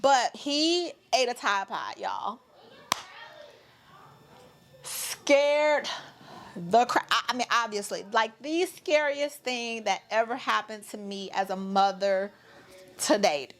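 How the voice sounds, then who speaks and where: Mom in her 30s telling a story to camera, lively and chatty, kinda high voice. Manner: chatty, animated, addresses viewers as y'all. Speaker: mother vlogger.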